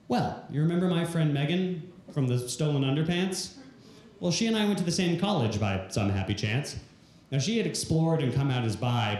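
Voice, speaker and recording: Comic telling a story in rhyme, roomy echo. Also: male voice, mid-range voice, dark tone. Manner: delivers story in rhymed verse. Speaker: stand-up comedian. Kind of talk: rhyming stand-up comedy. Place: live comedy venue stage. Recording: echoey live venue room.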